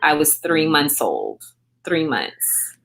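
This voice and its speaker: A woman's voice: deep voice, wildly swooping pitch, takes it slowly, gravelly, a bit bright. A woman in her thirties with an American accent, casually chatting with viewers on a livestream, greeting them by name and answering their comments. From grew up in England on a US military base. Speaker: livestream host.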